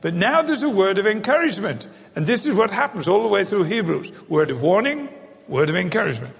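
A man's voice: high voice, sing-song, brisk, creaky. A man preaching a sermon, emphatic, repeating key phrases for stress, recorded in a large church hall. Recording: long hall reverb.

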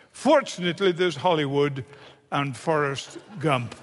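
A man's voice: sits high, expressive, measured pace, fairly bright tone. A man preaching a sermon, emphatic and fond of repeating phrases for effect. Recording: long hall reverb.

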